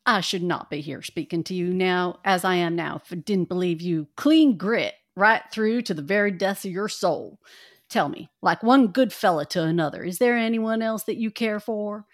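An earnest, gallant young cowboy courting a lady, as a woman puts him on. His drawl is folksy, and the voice sits a little low and close in a dry, dead room. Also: moderate pace, no room sound, natural voice.

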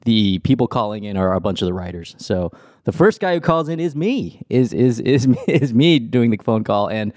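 A man's voice: medium pitch, expressive, moderate pace, a little mellow, no room sound, studio quality. A man hosting a podcast, talking casually and often chuckling as he rambles. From Los Angeles. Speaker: podcast host. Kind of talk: casual chat.

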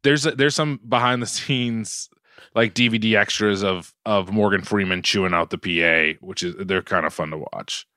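A man's voice: on the low side, normal speed, bright, forceful tone, no echo, studio quality. A man co-hosting a podcast, joking around in casual chat and asking playful questions. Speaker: podcast co-host.

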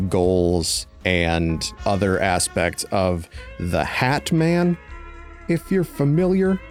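Young guy podcast host, lowish voice, sleepy and laid back, soft music under him. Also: gravelly. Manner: relaxed, self-described sleepy voice, jokey. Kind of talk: casual podcast chat and announcements.

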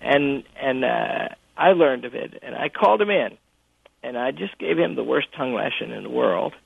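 A man who is a college president, telling a story with halting restarts during a phone interview. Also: medium pitch, animated, creaky, slightly rough, no room sound. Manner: anecdotal, halting with frequent restarts. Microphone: telephone. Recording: tinny dry phone line.

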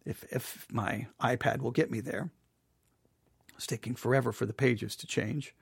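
A man's voice: medium pitch, normal speed, creaky, husky, dry recording, clean studio sound. A man leading a devotional Bible study who reads scripture aloud and then explains it in a conversational way, sometimes acting out the voices of the people in the passage. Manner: acts out voices of the proud and the doubter. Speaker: Bible teacher.

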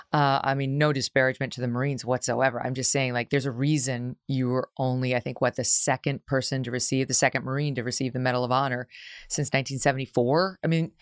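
A woman hosting an interview, asking questions in a lively, conversational way. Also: rumbling low, no echo, clean studio sound. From United States. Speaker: host. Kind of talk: casual interview.

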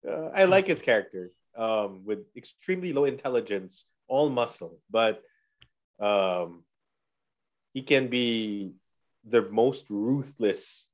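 A man's voice: lowish voice, expressive, slow. A man co-hosting a podcast in casual chat, enthusiastic and prone to acting out quotes. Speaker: podcast co-host.

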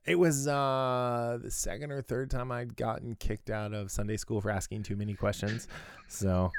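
A man's voice: mid-range voice, level tone, normal speed, background noise. A man co-hosting a podcast in casual chat, rambling with many fillers and restarts and laughing often. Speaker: podcast co-host.

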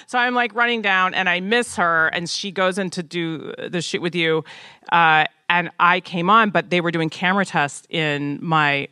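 Bright, animated woman telling a story. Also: on the low side, moderate pace, no echo, clean studio sound. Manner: animated, acts out quoted dialogue. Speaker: actor on a panel. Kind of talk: panel storytelling.

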